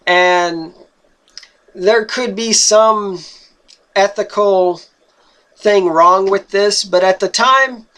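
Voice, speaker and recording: Speaking at an unhurried, deliberate pace, a young man shares a personal story in a notably high voice that is smooth, with a bright, forceful tone. He sounds earnest but halting, tripping over and repeating words as he looks for them.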